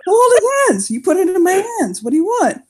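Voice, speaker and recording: A woman's voice: very high-pitched, big pitch swings, fairly quick. A woman playing a tabletop game, joking, laughing often and swearing in casual chat. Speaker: player.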